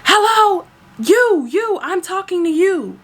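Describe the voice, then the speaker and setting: A woman's voice: very animated, slow, heavily acted. A woman mimicking a rude, demanding woman passenger who screams orders at the crew. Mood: screaming. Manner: shrill, screaming, bossy.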